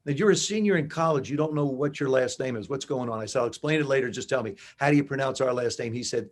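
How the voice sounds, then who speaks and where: A man in his seventies from New Jersey, a guest in an interview, telling animated stories and acting out dialogue. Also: medium pitch, fast talker, hardly any pauses. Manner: animated anecdotes with acted-out dialogue. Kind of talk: conversational storytelling.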